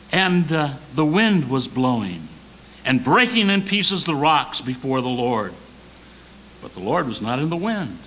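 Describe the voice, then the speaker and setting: A man preaching a sermon as associate pastor, swinging between loud emphasis and soft, near-whispered lines, repeating key words slowly. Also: mid-range voice, very animated, a little hiss or hum, poor audio. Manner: slow deliberate preaching with repetition. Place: church sanctuary.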